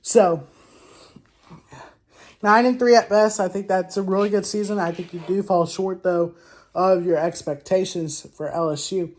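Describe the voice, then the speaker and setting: A woman hosting a casual sports vlog, speaking at a middle pitch. She trash-talks teams in an animated way, with loud exclamations and rhetorical questions. She often stops and restarts her sentences. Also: unhurried. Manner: frequent restarts and self-corrections. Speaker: sports show host.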